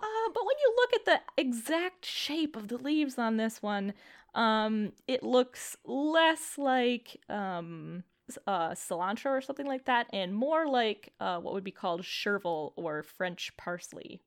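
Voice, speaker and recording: A woman's voice: a little high, very animated, measured pace. A woman running a tabletop game, chatty and rambling, with many fillers. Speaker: game master.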